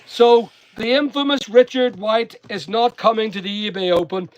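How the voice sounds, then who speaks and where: A man's voice: high-pitched, steady tone, normal speed. A man from Northern Ireland with a half English, half Northern Irish accent, chatting casually and motivationally while packing orders. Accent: mixed English and Northern Irish. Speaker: online seller and vlogger.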